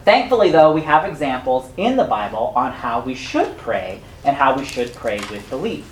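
A woman's voice: rumbling low, sing-song, normal speed, reverberant, poor audio. A woman preaching a sermon with a teacherly manner, explaining points step by step to a congregation.

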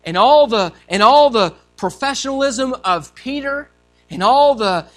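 A male pastor preaching a sermon, telling a story in an animated way and acting out quotes and sounds. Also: extremely high pitch, a little slow, faint music behind.

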